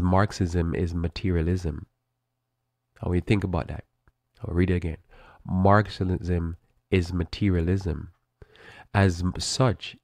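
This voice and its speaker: A deep-voiced man talks through an article on a live church program. He stops often, fills gaps with "um", and restarts his words. The sound is dry and close. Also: darkish tone, no room sound. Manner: halting, many fillers and restarts, stumbles over words. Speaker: church talk show host. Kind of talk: unscripted live talk reading from an article.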